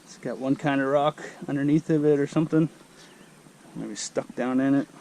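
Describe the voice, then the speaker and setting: A man's voice: medium pitch, normal speed, a little mellow, slight background noise. A man narrating a casual creek-walk vlog outdoors, rambling and thinking aloud as he searches for words, recorded on an action camera mic. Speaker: creek-walking vlogger.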